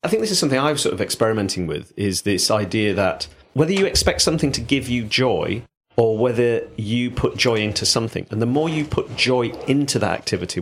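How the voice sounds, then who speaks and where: A man with a Yorkshire accent, co-hosting a casual podcast from a studio. His voice sits low and has a husky edge, and he muses in a wry, reflective way. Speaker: podcast co-host. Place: recording studio.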